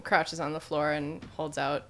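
A woman playing a tabletop game, gentle and soft-spoken. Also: sits low, little pitch movement, a little slow, very noisy. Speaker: player. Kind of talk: casual tabletop play.

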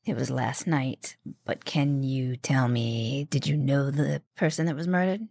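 A woman with a strikingly deep, gravelly voice plays an interrogator in an improvised comedy scene. She asks slow, probing questions, and her voice has a husky grain. The sound is dry and close. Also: steady tone, mellow, no echo. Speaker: improv player.

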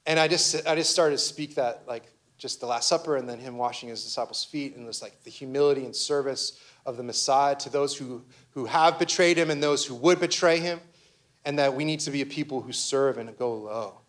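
A man's voice: mid-range voice, fairly quick. A young man, a pastor, giving a conversational sermon full of personal stories, with many restarts and fillers.

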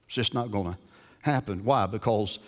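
A man preaching a sermon as pastor. He often repeats words as he starts and moves from quiet to forceful emphasis. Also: on the low side, normal speed, long reverb tail.

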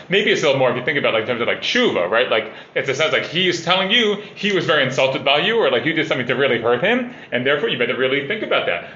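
A man's voice: mid-range voice, sharp tone. A man teaching a casual Talmud class. He reads Aramaic passages, explains them in plain English and fills his talk with "like" and "you know". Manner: conversational, full of "like" and "you know". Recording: dull, roomy recording.

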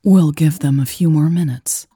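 Stern, cool woman intelligence expert, read by a woman, low husky voice, slow, audiobook. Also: mellow, no echo, studio quality, soft background music.

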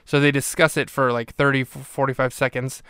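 Male podcast host, casual rambling recap, smooth clear voice, dry close sound. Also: medium pitch, level tone, a little fast, pushed and bright, no echo. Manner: rambling, filler-heavy recap. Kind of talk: casual episode review.

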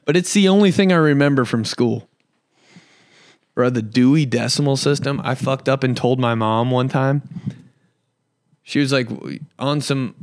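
A man's voice: medium pitch, no room sound. Profane rambling young man, dry mic. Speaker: podcast host and comedian. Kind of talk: casual solo podcast chat.

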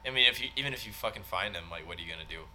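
A man's voice: lowish voice, expressive, racing, sharp tone. Laid-back man over a noisy background. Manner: laid-back, agreeing, swearing. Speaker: podcast co-host. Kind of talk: casual chat.

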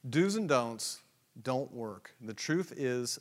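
Male preacher; sermon delivery that swings from hushed and slow to loud and emphatic. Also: mid-range voice, expressive. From United States. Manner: shifts from quiet, slow asides to loud emphatic questions; acts out dialogue and inner thoughts, laughs often.

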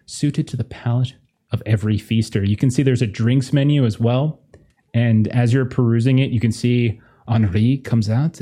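A man narrating a tabletop horror game as game master, halting with many fillers and restarts. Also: medium pitch, fairly even intonation, warm tone, slightly rough.

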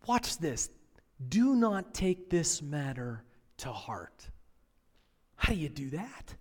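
A man preaching a sermon as a pastor, telling a story dramatically, swinging between hushed, near-whispered lines and impassioned, rising passages. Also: fairly high pitch, very animated, takes it slowly, long pauses, breathy edge, big-room sound. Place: church auditorium.

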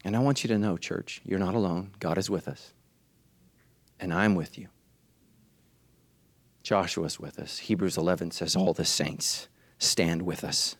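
A male pastor delivering a sermon in church, swinging from hushed, low lines to high, shouted ones with urgent repeated refrains. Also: measured pace, pauses often, dry recording.

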